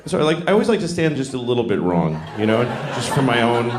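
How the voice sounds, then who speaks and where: A man's voice: mid-range voice, very animated, quick pace. A man in his forties from Boston doing crude, rambling, self-mocking stand-up on a club stage into a handheld mic. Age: 40s. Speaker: stand-up comedian. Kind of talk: stand-up comedy. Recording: echoey live club with crowd noise.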